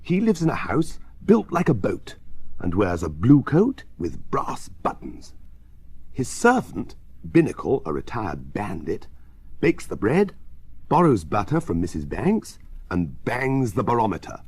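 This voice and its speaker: A man reading a children's story aloud in a very expressive, sing-song way. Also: lowish voice, a little slow, slightly rough, no echo. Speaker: reader.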